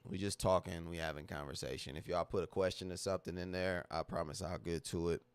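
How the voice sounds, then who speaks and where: A man's voice: low voice, fairly even intonation, fast, clear, resonant tone, dry recording. A man hosting a livestream, talking casually to his chat in a candid, emotional, slang-heavy way that repeats itself. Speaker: livestream host.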